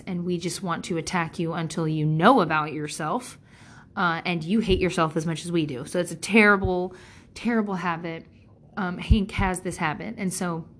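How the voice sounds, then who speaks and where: A woman's voice: lowish voice, slight background noise. A middle-aged woman speaking as a parent, talking frankly and casually, rambling off topic, cursing freely and acting out quotes in different voices. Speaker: parent sharing advice. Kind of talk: candid casual monologue.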